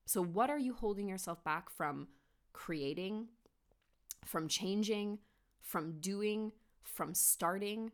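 A woman's voice: mid-range voice, slow pace. A woman hosting a solo motivational podcast from her home office, speaking earnestly and encouragingly, with many rhetorical questions. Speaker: podcast host.

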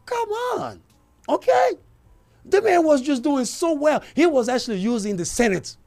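A man's voice: very high-pitched, sing-song, a little fast, a little mellow. A man hosting a talk radio show, giving a heated political commentary and calling out to his listeners. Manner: heated and emphatic, addressing listeners directly.

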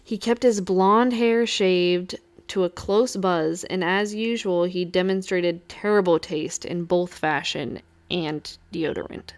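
Smooth-voiced woman narrating a novel. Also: lowish voice, slow pace, hardly any pauses. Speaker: audiobook reader. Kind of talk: first-person novel narration.

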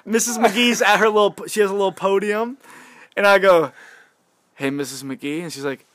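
A young man chatting casually on a podcast, telling a story in an animated way, laughing and swearing freely. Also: high voice, fairly quick, no room sound, studio quality.

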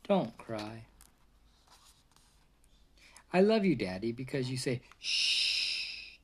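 A father reading a picture book aloud to his toddler in a gentle storybook voice, with a short cheerful hello to his viewers. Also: mid-range voice, slight background noise.

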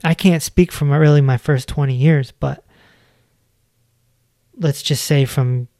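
A man in his forties speaks as a podcast host, earnest and gentle in a slow, unhurried delivery. His voice is warm and mellow. The recording is dry and close, with no room sound. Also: fairly high pitch, fairly even intonation, dry recording. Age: 40s. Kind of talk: reflective self-help talk.

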